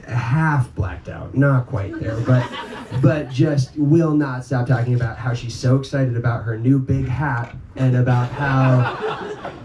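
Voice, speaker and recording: In a muffled recording made from a distance in an echoey, noisy live room, a medium-pitched man from North Dakota rambles through a story for an audience, swearing and saying um a lot.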